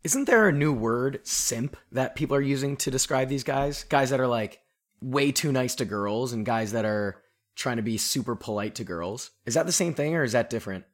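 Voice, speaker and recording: A man's voice: medium pitch, animated, moderate pace. A man co-hosting a music podcast, chatting casually with dry, joking short replies. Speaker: podcast co-host.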